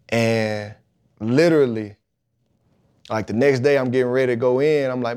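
A man, telling a lively, colloquial story in a podcast interview and acting out the people in it. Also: mid-range voice, normal speed, long pauses. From Mississippi, USA. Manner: animated storytelling, colloquial, acts out the voices of the people in his story. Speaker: guest, football player.

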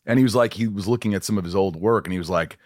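A middle-aged man hosting a casual interview podcast, rambling and self-mocking with quick jokes. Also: on the low side, darkish tone, dry recording, clean studio sound. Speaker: podcast host.

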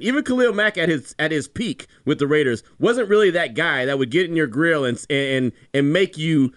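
Emphatic sports radio co-host. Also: male voice, fairly high pitch, normal speed, few pauses. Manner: emphatic, animated, repeats "you know what I'm saying".

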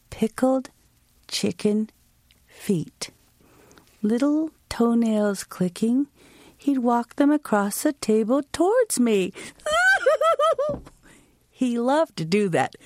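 A woman from the United States performing a personal story and then talking as an interview guest, vivid and expressive. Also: medium pitch, dry recording.

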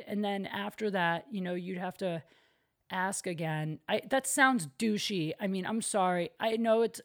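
A young woman hosting a podcast alone from her apartment, chatting casually and poking fun at herself, with lots of "like". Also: medium pitch. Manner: chatty, self-deprecating, lots of "like". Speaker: podcast host. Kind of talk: casual solo podcast chat.

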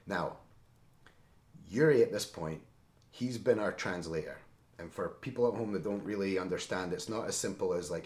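A middle-aged man, a former Marine and podcast guest, tells a tense story in a lively conversational way, often checking in with "right?". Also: low-pitched. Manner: animated, seeks agreement with frequent "right?". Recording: roomy echo.

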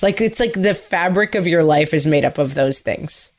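A woman's voice: fairly low pitch, moderate pace, few pauses. A woman co-hosting a podcast, chatting in a loose, reflective way with plenty of fillers. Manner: conversational, reflective, many fillers. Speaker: podcast co-host. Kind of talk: casual chat.

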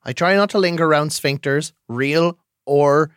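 A man's voice: a little high, normal speed, a bit bright, clean tone, dry recording, clean studio sound. A man playing his character in a tabletop game, joking wryly with the table. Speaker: player.

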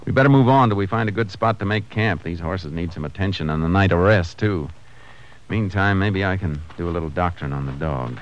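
An actor playing a steady, low-voiced trail tracker. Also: male voice, brisk, highs cut off, slight background noise, lightly acted. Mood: calm. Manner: calm, even narration; clipped commands. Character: steady, resourceful adult male tracker. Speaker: narrator and lead detective. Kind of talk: 1950s radio drama acting.

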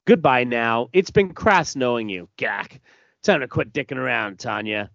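A man's voice: medium pitch, animated, normal speed, vocal fry, fairly bright tone, dry recording. A man voicing a crass, brawling male alien bounty hunter, reading his crude taunts aloud in a sneering way. The recording is dull and dry. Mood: taunting.

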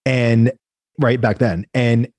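A man, a guest entrepreneur telling animated stories in a casual interview, acting out the voices of the people he quotes. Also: medium pitch, slow pace, no room sound. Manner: animated storyteller, acts out quoted voices, frequent "right?".

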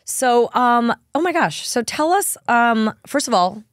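A woman's voice: on the high side, expressive, measured pace, no room sound, clean studio sound. A woman hosting a podcast in casual, bubbly chat, often breaking into laughter. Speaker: podcast host.

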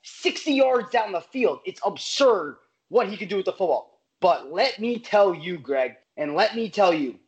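A man with a high voice talks through his picks on a sports betting show. He is emphatic and animated, stacking up repeated phrases as he makes his case, in a casual back-and-forth with his co-host. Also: normal speed, hardly any pauses, low-quality recording.

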